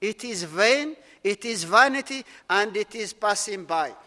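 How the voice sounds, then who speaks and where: A man's voice: sits high, expressive, a little slow, sharp tone. A man preaching a sermon with earnest, repetitive, emphatic phrasing. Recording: long hall reverb.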